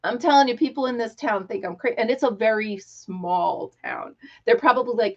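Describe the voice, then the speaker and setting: A middle-aged woman hosting a casual live stream, talking excitedly and telling stories with quoted voices. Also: on the high side, moderate pace. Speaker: livestream host. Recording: dull lo-fi live-stream audio.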